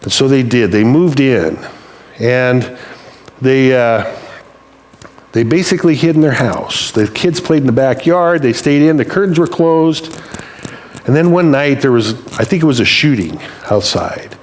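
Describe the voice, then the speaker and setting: Man, pastor, sermon, casual and joking, mid pitch. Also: lively intonation, a little slow, slight background noise. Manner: conversational, humorous, acts out quotes.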